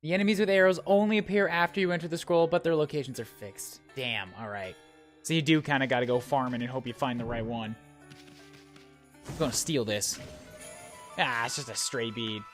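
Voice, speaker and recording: A man's voice: medium pitch, fairly bright tone. A man streaming a video game, chatting playfully, talking to enemies and to his chat. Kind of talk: casual gameplay commentary.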